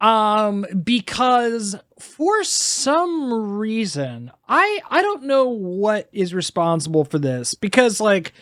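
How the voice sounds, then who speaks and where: A woman co-hosting a casual comedy podcast, riffing crudely in drawn-out phrases. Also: medium pitch, sing-song, no echo. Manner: drawn-out, crude, laughing riffs. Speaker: podcast co-host.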